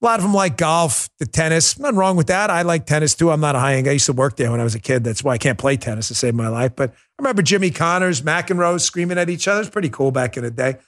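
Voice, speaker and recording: A middle-aged man hosting a political commentary show, talking in an animated, mocking way with quick asides. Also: on the high side. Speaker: host.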